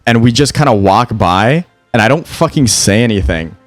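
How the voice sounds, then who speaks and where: A man's voice: mid-range voice, expressive, normal speed, no echo, soft background music. A young man telling a story casually on a gaming podcast, swearing freely and often restarting and stammering. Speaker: podcast co-host.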